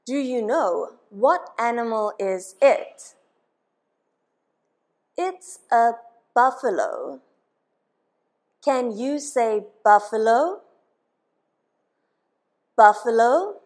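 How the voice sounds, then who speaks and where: A woman from Africa, teaching children English words slowly and patiently, asking questions and having them repeat each word. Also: on the high side, lively intonation. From South Africa. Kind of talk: slow children's English lesson.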